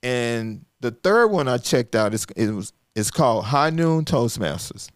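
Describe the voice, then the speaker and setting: Middle-aged man, folksy storyteller, mid-pitched voice, dry close sound. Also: unhurried, no echo. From Arkansas, US. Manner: folksy, animated, acts out dialogue with restarts. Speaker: podcast host and guest speaker. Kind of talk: casual storytelling conversation.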